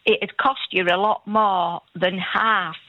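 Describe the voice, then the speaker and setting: A woman's voice: mid-range voice, fairly even intonation, slow pace, no room sound. Older Yorkshire woman caller, homely and rambling, dry muffled line. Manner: chatty, homely, rambling with asides. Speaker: radio phone-in caller. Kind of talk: casual phone-in chat.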